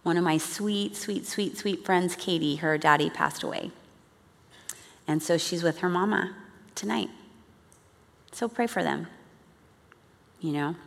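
A woman's voice: fairly low pitch, a little slow, creaky, pauses often. A woman giving an earnest, chatty church teaching talk to a congregation. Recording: long reverb of a large hall.

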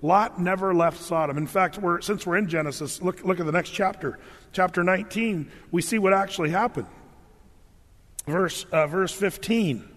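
A man preaching a sermon and reading scripture aloud, animated and humorous, briefly acting out the biblical figures in his own voice. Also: sits high, normal speed, big-room sound. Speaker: pastor.

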